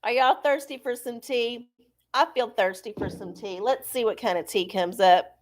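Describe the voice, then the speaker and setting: A woman's voice: on the high side, moderate pace. A woman hosting a live stream, chatting casually in a blunt, profane, rambling way. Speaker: host of a live oracle stream. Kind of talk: casual livestream chat.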